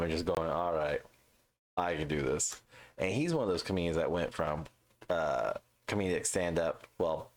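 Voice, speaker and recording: Very deep-voiced profane man ranting. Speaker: podcast co-host. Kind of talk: casual chat.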